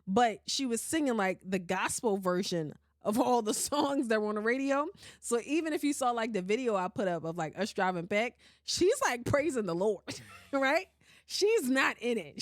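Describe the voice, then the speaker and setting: Woman host, bit high, very expressive, dry close mic, loose storytelling. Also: no room sound. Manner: animated, laughing, swearing often. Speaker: podcast host. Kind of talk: casual storytelling chat.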